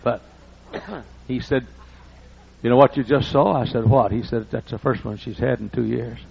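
A man's voice: mid-range voice, normal speed, creaky, a little mellow, husky. An older man preaching a folksy storytelling sermon. He acts out the dialogue in raised voices. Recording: muffled lo-fi recording.

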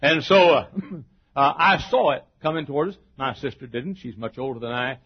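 A man preaching a sermon, telling stories, breaking into shouted exclamations and chuckles. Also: mid-range voice, expressive, moderate pace, breathy edge. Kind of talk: sermon with storytelling. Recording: dull lo-fi recording.

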